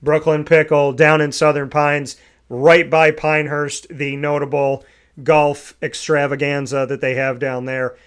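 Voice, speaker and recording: Brisk, upbeat male sports show host. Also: on the high side, flat delivery, fairly bright tone, clean tone. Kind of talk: casual morning show chat.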